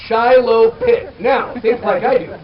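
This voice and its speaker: A middle-aged man doing stand-up comedy for a festival crowd, animated and shouting out names. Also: extremely high pitch, unhurried, lo-fi sound. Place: outdoor festival stage. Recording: distant crowd-noise camera audio.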